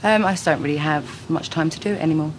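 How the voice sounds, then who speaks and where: A woman, a singer giving frank, dry quick-fire answers in a casual interview at home. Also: sits low, slight background noise. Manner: frank, dry, laughs easily. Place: her home.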